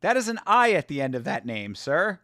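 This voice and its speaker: A man's voice: on the high side, big pitch swings, brisk, bright, forceful tone, dry recording, clean studio sound. A man hosting a fight watch-along stream, chatting loosely with viewers, joking and swearing a lot. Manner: loose, profane, joking, talking to chat. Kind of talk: casual livestream chat reacting to fights.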